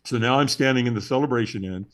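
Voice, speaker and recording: A man's voice: mid-range voice, fast talker. A man being interviewed as a guest, telling a story with drama and often checking in with "right?". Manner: animated, dramatic storyteller who acts out the moments; checks in with tag questions like "right?".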